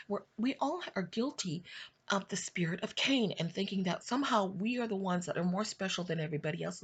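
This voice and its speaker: A woman's voice: medium pitch, lively intonation, fairly quick, husky. A woman talking casually, telling a rambling family story and then reflecting on faith, with many restarts and bits of laughter. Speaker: online video host.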